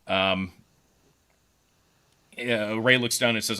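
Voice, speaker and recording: A man on a podcast pitches a story casually, rambling with frequent fillers and restarts. His voice is on the low side. It has a bright, forceful edge. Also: measured pace. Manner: rambling, with many fillers and repeated words. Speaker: podcast co-host.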